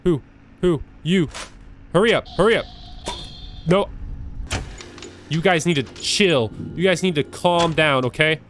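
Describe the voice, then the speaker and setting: A man giving live commentary as he plays a horror game. He is jumpy and nervous, repeats words in quick bursts and begs the game's enemies to go away. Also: fairly high pitch, a bit bright, soft background music. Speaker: gaming video creator. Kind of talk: live let's-play commentary.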